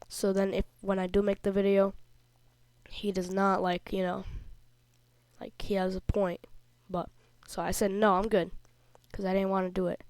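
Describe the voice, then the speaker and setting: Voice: mid-range voice, little pitch movement, moderate pace, darkish tone, clean tone, no echo. A young kid, not yet through puberty, telling a rambling, indignant story in a casual vlog while a little sick. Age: child, before puberty. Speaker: video creator. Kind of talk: casual vlog commentary over screenshots.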